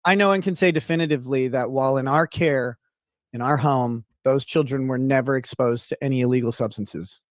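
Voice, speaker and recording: A man on a livestream speaking deliberately about a legal matter, stressing his denials. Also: mid-range voice, no room sound, clean studio sound, lightly acted. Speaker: streamer speaking about his court case. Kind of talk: measured statement on a stream.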